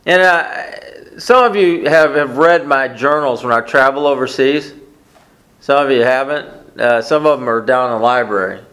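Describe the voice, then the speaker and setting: A pastor preaches a conversational sermon in a mid-range, fairly bright voice at a moderate pace. He often poses questions to the congregation.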